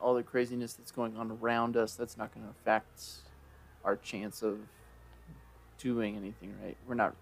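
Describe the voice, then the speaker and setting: A man's voice: lowish voice, level tone, moderate pace. A man playing a tabletop game, joking and asking questions about the rules in casual chat. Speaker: player.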